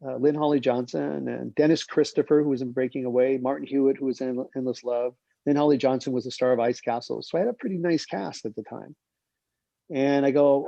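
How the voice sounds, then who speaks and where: Gravelly man telling film stories. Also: mid-range voice, a little fast, no echo. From United States. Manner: rambling, animated, acts out quoted dialogue. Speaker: film director and producer. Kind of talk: casual anecdotal storytelling. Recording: dull lo-fi sound.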